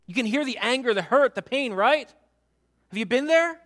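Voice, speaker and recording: A male pastor preaching a sermon in a church, dramatic, swinging from hushed talk to shouting. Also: very high voice, animated, normal speed.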